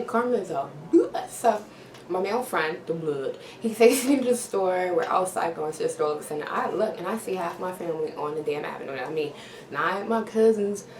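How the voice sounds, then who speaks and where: A woman spins a story for her vlog, punctuating it with slang and little sound effects. She sounds set back from the mic in an echoey room. Steady background noise hangs under her voice. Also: on the low side. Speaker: vlogger. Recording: roomy, distant, noisy home recording.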